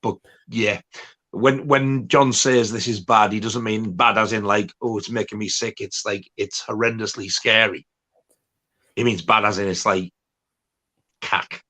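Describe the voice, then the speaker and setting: A man's voice: fairly low pitch, fairly even intonation, measured pace, pushed and bright. A man, co-hosting a casual film chat, blunt and dry, sometimes mimicking voices. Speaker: co-host.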